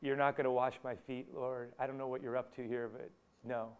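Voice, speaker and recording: A man's voice: mid-range voice, little pitch movement, fairly quick, clean tone, natural voice. A man voicing an indignant, stubborn grown male disciple who keeps insisting and repeating his refusals. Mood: protesting.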